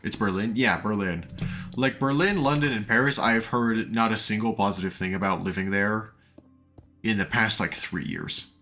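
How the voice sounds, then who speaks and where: A man's voice: fairly low pitch, normal speed, sharp tone, faint music behind. A man streaming a game, rambling as he builds and reads chat aloud, his voice tired and sore after hours of talking. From United States. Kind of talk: casual live-stream chat while playing.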